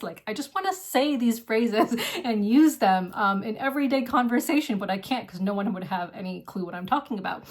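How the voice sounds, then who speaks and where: A woman's voice: medium pitch, normal speed, few pauses. Gushing woman vlog host. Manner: gushing and effusive, heavy use of "like". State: single, lives alone. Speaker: board game channel host. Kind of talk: casual vlog chat.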